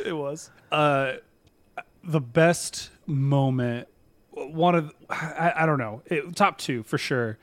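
A man's voice: a little high, slow pace, no room sound. A man co-hosting a podcast, chatting casually and laughing often as he reviews a web series. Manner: laughs often, rambling and playful. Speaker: podcast co-host.

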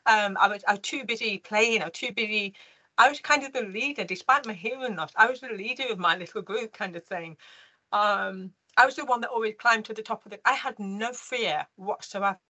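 Lady guest in an interview, lively and chatty, lots of ums and restarts, crisp bright tone. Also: medium pitch, fairly quick, rough recording. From United Kingdom. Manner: lively, with many restarts and fillers. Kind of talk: personal storytelling in an interview.

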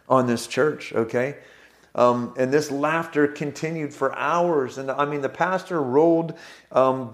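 A man preaching, telling a story with frequent fillers and restarts. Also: mid-range voice. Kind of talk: sermon testimony.

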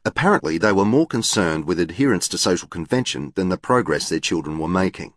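A man's voice: low voice, lively intonation, brisk, dry recording, clean studio sound. A man narrating an audiobook in a formal, literal, precise manner. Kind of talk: scripted narration.

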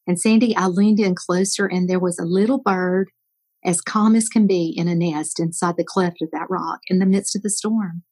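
An older woman giving an earnest Christian devotional talk, telling a story and often dropping her voice to a soft whisper at the end of a line. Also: on the low side, moderate pace, breathy edge. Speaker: guest speaker.

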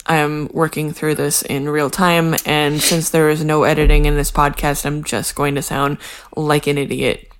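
A woman's voice: deep voice, level tone, moderate pace, clear, resonant tone. Dry-witted woman co-hosting a podcast. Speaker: podcast co-host. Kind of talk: casual chat recapping a TV show.

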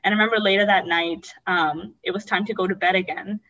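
A woman's voice: mid-range voice, fairly even intonation, fast, sharp tone, highs cut off. Young woman telling a painful story. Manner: candid, acts out quoted voices. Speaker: guest. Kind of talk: emotional personal storytelling.

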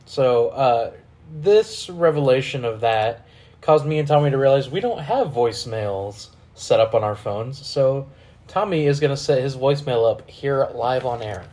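A man hosting a casual podcast, telling stories in a profane, animated way. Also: mid-range voice, moderate pace. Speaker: podcast host.

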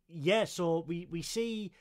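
A man co-hosting a podcast, joking playfully with sudden loud bursts. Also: high-pitched, extremely slow. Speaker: podcast co-host. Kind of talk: casual review chat.

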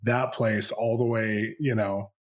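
Man, interviewer, lowish voice, short affirmations, casual chat. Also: little pitch movement, slow pace. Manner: brief warm affirmations. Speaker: interviewer host.

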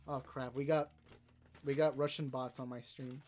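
A man hosting a live stream, chatting casually and rambling while reading chat and browsing, now and then bursting into excitement. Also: medium pitch, normal speed. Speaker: podcast host streaming live.

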